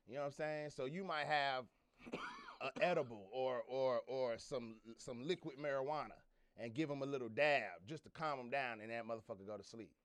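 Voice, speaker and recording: A man's voice: mid-range voice, fairly quick, fairly bright tone, clear, resonant tone, no echo. Laid-back man explaining in casual chat. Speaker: podcast co-host.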